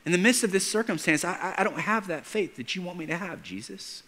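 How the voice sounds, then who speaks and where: A man's voice: high voice, animated, quick pace, a bit bright, pitched above the performer's own voice, exaggerated voice. A man doing a scornful, mocking mourner. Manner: mocking, disbelieving. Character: scornful grieving mourners at a house. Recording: church hall reverb, from off-mic.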